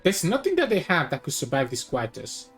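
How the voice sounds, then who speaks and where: A man's voice: fairly high pitch, huge pitch swings, brisk, faint music behind. A man giving live gameplay commentary on a card game, thinking aloud and weighing each play as he goes.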